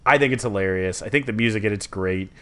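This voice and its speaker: A young man, co-hosting a podcast in casual, rambling, animated chat. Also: lowish voice, fast talker. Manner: rambling, self-correcting and animated. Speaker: podcast co-host.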